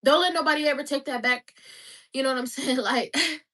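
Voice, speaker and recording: A woman's voice: high voice, brisk, a bit bright, distant mic. A woman giving an emotional, preachy faith monologue, repeating her exhortations with passion and at times crying. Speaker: vlogger.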